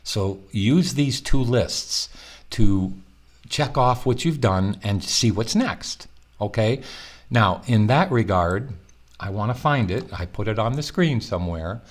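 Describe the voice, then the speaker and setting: Middle-aged guy professor, morning voice, clears throat, low and chatty, walks students thru the course. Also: lively intonation, slow. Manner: conversational, reassuring, with fillers and restarts. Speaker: college professor. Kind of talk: recorded online course walkthrough.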